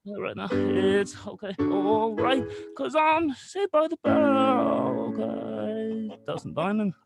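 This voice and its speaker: A man's voice: high voice, fairly even intonation, unhurried, gravelly, music in the background. A man playing a bumbling, out-of-breath late-night host who rambles, says "okay" after every phrase and belts off-key songs. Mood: singing. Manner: belts off-key song snippets. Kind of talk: comedic character bit.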